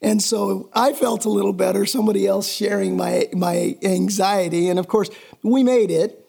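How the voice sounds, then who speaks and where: A man's voice: high-pitched, fairly even intonation, moderate pace, gravelly, warm tone, breathy edge. Man, middle-aged, pastor, sermon, conversational, emphatic repeats.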